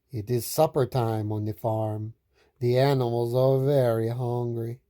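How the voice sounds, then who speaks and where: A woman reading children's picture books aloud in a slow, expressive, sing-song way. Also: very deep voice. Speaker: storytime reader.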